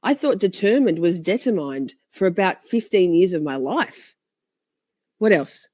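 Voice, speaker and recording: A woman hosting a casual stream, chatting with viewers in an animated, playful, mock-dramatic way. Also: fairly low pitch, a little slow, dry recording. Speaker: livestream host. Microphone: phone.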